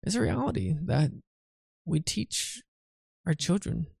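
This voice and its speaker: A man's voice: fairly high pitch, very animated, a little slow, creaky, darkish tone, slightly rough, no room sound, clean studio sound. A tired, yawning man teaching a Bible study in a chatty way, often asking "right?" and restarting his phrases.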